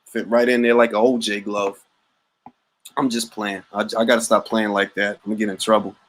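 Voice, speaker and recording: A man's voice: on the low side, flat delivery, brisk, a bit bright, slight background noise, rough recording. A man hosting a boxing talk livestream, joking around in casual slang and repeating catchphrases. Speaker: boxing talk show host.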